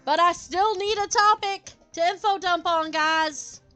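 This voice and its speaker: A woman's voice: very high-pitched, measured pace, pushed and bright, faint music behind. A woman streaming a game live and chatting with her viewers in a rambling, playful way, slipping into silly voices.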